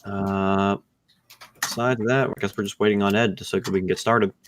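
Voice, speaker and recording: A man's voice: fairly low pitch, fairly even intonation, normal speed, background noise. A man running a tabletop game as game master, recapping in an easygoing, loose way. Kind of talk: casual game narration over voice chat.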